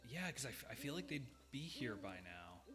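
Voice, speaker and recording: A man's voice: mid-range voice, very animated, fairly quick, over music. A man playing a game live on stream, thinking aloud with hesitant fillers and some dry humor. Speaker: game streamer, main player. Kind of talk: live gameplay chat.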